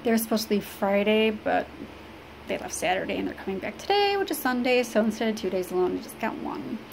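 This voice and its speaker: A woman from Illinois talks to the camera in a personal vlog, halting and rambling with many fillers. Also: mid-range voice, vocal fry. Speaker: vlogger. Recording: steady background noise.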